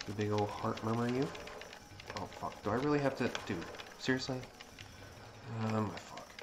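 A man giving live commentary on his own gameplay, swearing constantly and breaking into excitable outbursts. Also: on the low side, normal speed, noisy background. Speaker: let's play streamer. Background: game music.

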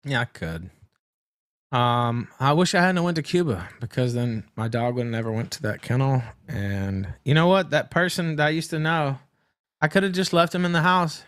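A man hosting a livestream, telling a personal story in a halting, rambling way with many restarts. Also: medium pitch, fairly bright tone. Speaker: livestream host.

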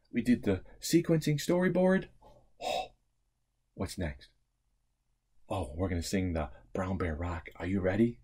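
A man teaching a remote preschool lesson, playful and animated, swinging from hushed to excited. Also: low-pitched, unhurried, long pauses, slightly rough.

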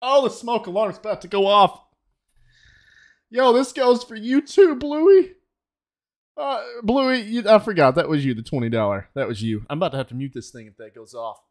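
Hyped guy streaming a game, voice jumps around a lot, out of breath, yelling thanks at donors. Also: a little high, lively intonation, normal speed. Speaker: gaming streamer. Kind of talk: excited live game stream.

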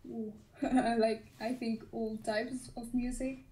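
A woman's voice: a little high, level tone, slow, warm tone, echoey room. An eighteen-year-old woman from Spain, a giggly, friendly passer-by. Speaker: passer-by in a street video.

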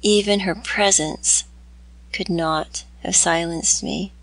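A woman's voice: lowish voice, steady tone, slow pace, fairly bright tone, dry recording, full character voice. A woman reading aloud as a tormented young man in a storybook, grave and melancholy. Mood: earnest. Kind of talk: audiobook reading.

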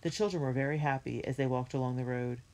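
A woman reading a children's book aloud in a clear, measured storytelling manner. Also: rumbling low, fairly even intonation, a little mellow, slight background noise. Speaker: reader.

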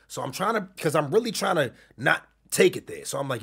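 A man telling a story in casual chat as a streamer being interviewed, swinging from quiet recounting to loud shouting. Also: mid-range voice, very animated, fast talker, vocal fry, few pauses, breathy edge.

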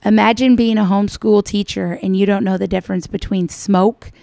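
A woman's voice: medium pitch, fairly even intonation, a little fast, vocal fry, dark tone, no room sound, clean studio sound. A woman hosting reaction commentary, mocking and scolding in a sarcastic way. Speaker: commentary channel host.

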